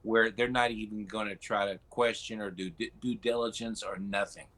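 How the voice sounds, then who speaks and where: A man co-hosting a talk show, chatting in an animated, casual way. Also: on the low side, normal speed. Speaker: co-host.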